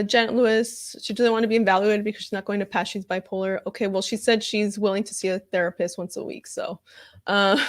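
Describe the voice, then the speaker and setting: A woman reacting on camera in a casual vlog, talking in an upset, heated way with lots of fillers, and reading viewer comments aloud. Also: mid-range voice. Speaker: comedian reacting to news.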